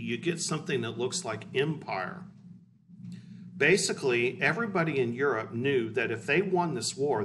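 A man's voice: mid-range voice, fairly bright tone. A male history teacher giving a casual, blunt, conversational lecture in a classroom. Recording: distant mic with faint hiss.

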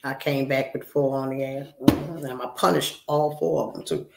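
A woman's voice: very deep voice, fairly even intonation, normal speed, vocal fry, very noisy. A woman in her sixties chatting live with her viewers, brash, profane and teasing as she scolds them. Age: 60s. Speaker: livestreamer. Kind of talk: casual live-stream chat with viewers. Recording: roomy echo.

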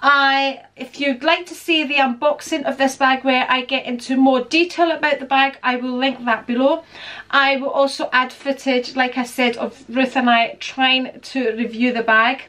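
High-voiced chatty woman vlogger. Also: steady tone, moderate pace, sharp tone. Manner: chatty, giggly, rambling. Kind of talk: casual product review vlog.

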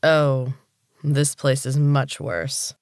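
A cruel man who runs a gym speaks in slow, deliberate, menacing tones, voiced by a storybook narrator. The pitch sits in the middle range. The recording is close and dry, with no room sound. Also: little pitch movement, dry recording. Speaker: villain. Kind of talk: audiobook character reading.

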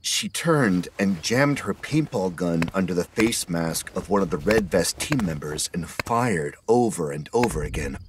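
A man narrating an audiobook horror story in a steady scripted reading. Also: low voice, a little hiss or hum.

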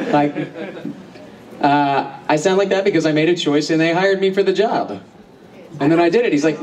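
A man's voice: on the high side, moderate pace, pauses often. Laughing, swearing man on a convention panel. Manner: laughs often, swears freely, animated storytelling. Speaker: voice actor guest at a convention panel. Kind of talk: casual convention Q&A, profane and joking. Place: large convention hall with audience. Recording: distant mic in crowded hall.

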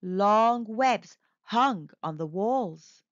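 Kids' storybook reader, woman, slow and expressive; dull lo-fi, dry sound. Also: mid-range voice, no room sound. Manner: slow, expressive, sing-song reading for kids. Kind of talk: storybook read-aloud.

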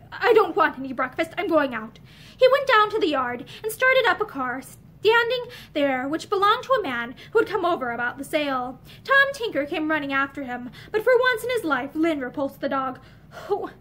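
A woman with a high voice reads an old novel aloud, seated before shelves full of books. She gives the spoken lines a touch of character while the narration stays plain. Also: fairly bright tone. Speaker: audiobook reader. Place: room with bookshelves.

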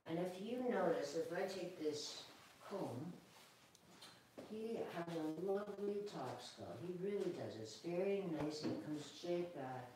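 A woman dog groomer giving a chatty, calm live grooming demonstration, talking now and then to the dog. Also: on the low side, unhurried, distant mic, a little hiss or hum. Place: grooming room, indoors. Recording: echoey room, away from the mic.

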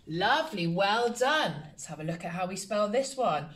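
A woman teacher, giving a slow, encouraging phonics lesson to young children and sounding out letters. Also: mid-range voice, lively intonation. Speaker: primary school teacher. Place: home, recorded for online learning.

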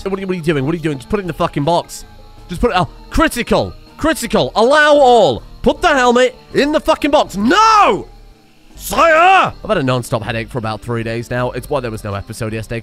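A man giving excitable, sweary let's play commentary and yelling at the game. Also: medium pitch, rapid-fire, soft background music. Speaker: game streamer.

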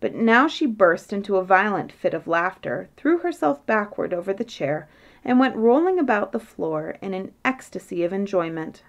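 A woman narrating a bedtime fairytale in a measured, gentle reading voice. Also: mid-range voice, lively intonation. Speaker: storyteller.

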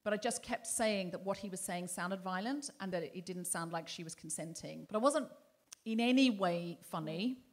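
A woman's voice: fairly low pitch, moderate pace. A woman hosting a live comedy podcast on stage, telling a story and acting out other people's lines. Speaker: podcast host. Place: theatre stage before a live audience.

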